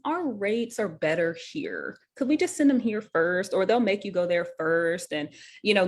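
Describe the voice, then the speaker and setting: A woman hosting a live talk show as a nurse, explaining a bill in an earnest, conversational way with many fillers and self-corrections. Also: on the low side. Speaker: host and nurse.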